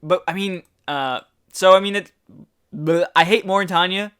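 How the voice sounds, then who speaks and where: A man's voice: high-pitched, normal speed, fairly bright tone, clear, resonant tone. A man co-hosting a casual gaming podcast, laughing often and tripping over words. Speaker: podcast co-host.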